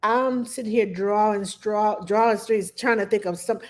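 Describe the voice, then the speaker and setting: A woman's voice: mid-range voice, moderate pace. A woman hosting a casual livestream as a nanny. She tells stories with animation and acts out what she was thinking back then. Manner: animated storytelling, acts out her own past thoughts.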